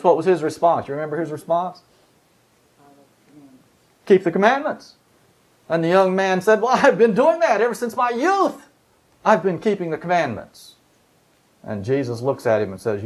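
A man's voice: a little high, expressive, moderate pace, long pauses. A man preaching a sermon, walking through scripture verses in a conversational way and asking his listeners rhetorical questions.

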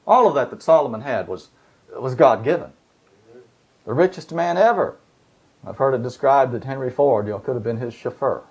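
A man's voice: mid-range voice, darkish tone, husky, dull audio. A man preaching a sermon, walking through scripture verses in a conversational way and asking his listeners rhetorical questions.

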